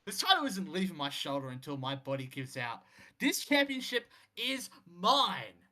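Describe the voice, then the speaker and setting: A defiant injured wrestling champion insists on keeping his title, voiced by a man. The voice is bright, forceful and intense. His pitch moves freely over a wide range. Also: animated, moderate pace.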